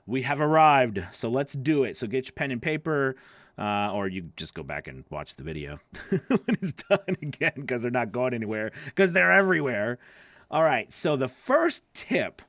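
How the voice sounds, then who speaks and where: A voice acting coach talks straight to his students, his slightly nasal, gravelly voice rising and falling a lot as he rambles and restarts. He keeps checking in with them as he goes. The sound is close and dry, with no room in it. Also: mid-range voice, very animated, normal speed, a bit bright, no room sound. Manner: loose, rambling, with restarts and checks like "okay? right?". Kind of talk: casual teaching to camera.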